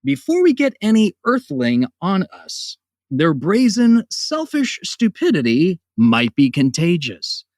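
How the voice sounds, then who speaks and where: A man's voice: sits high, wildly swooping pitch, slow pace, darkish tone, no room sound, studio quality, heavily acted. A man voicing a disgusted male alien starship officer who reports in a clipped, military way.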